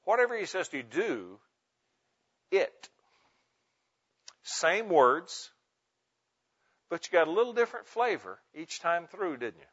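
A man preaching a teaching sermon to pastors, emphatic, slowing down and stressing single words. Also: fairly high pitch, fairly bright tone. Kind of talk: sermon teaching on Bible meditation. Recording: muffled lo-fi sound.

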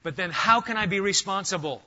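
A man preaching an expository sermon to a congregation, animated and emphatic, firing rhetorical questions and talking straight to his listeners. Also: sits high, brisk, muffled recording. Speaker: pastor. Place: church sanctuary with a live congregation.

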